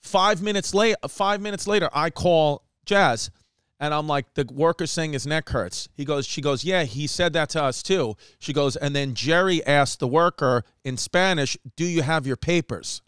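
A man hosting a comedy podcast, telling a rambling story with animated, profane energy. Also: fairly high pitch, normal speed, smooth, no echo, studio quality. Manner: animated, profane, slips into mock voices and Spanish phrases. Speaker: podcast host.

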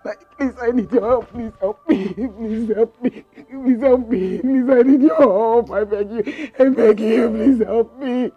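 A woman's voice: a little high, measured pace, hardly any pauses, breathy edge, dull audio. An actress with a Nigerian accent playing a distraught mother who begs a village priest for help in a tearful voice. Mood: begging. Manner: begging, tearful. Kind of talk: Nollywood village drama acting.

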